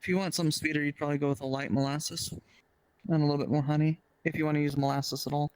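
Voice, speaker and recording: Podcast co-host, casual chat, mid pitch, dry sound, chatty. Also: level tone, racing, darkish tone, clear, resonant tone, dry recording. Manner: chatty, explains in detail with fillers.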